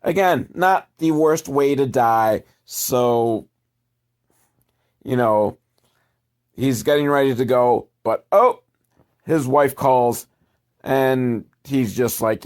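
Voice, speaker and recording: Male movie recapper, middle pitch, slow rambling delivery, sardonic and profane. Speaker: movie reviewer. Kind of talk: casual movie recap commentary.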